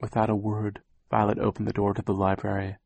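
A man reading a children's novel aloud as narrator, with measured, gently dramatic storytelling. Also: fairly low pitch, completely flat delivery, creaky, dry recording. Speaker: audiobook narrator. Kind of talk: scripted narration.

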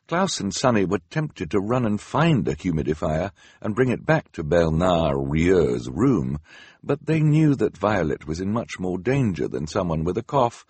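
A man narrating an audiobook in a dry, wry storytelling manner. His voice is husky and fairly low. The recording is close and dead, with no room sound. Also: a little mellow, dry recording.

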